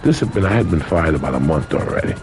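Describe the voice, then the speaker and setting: A man's voice: sits low, big pitch swings, quick pace, gravelly, music in the background. A man in his sixties, a podcast guest telling a story in casual chat, blunt and profane.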